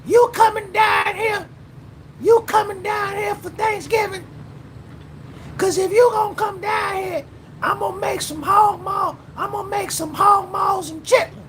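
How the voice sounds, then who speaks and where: A man putting on an old Southern country mother who calls out in a very high, shrill voice, drawling slowly and repeating herself as she coaxes her son home. Her words come out unhurried, and there is a faint hiss behind them. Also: steady tone, a bit bright, shouting. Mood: coaxing. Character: his late Southern country mother, older woman, insistent.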